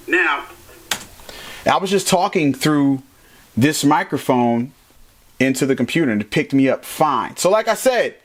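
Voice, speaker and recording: A man with a fairly high-pitched voice talks through a gadget review in a casual, playful way. His delivery is animated and jokey, as if chatting with his viewers. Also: unhurried, pauses often. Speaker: tech reviewer. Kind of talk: casual product review vlog.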